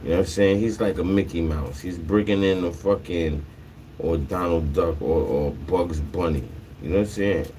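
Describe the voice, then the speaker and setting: A man with a low voice hosts a livestream at normal speed, with a little hiss or hum in the audio. He animatedly retells a dispute in casual, profane storytelling, swearing freely and acting out the back-and-forth of the conversations.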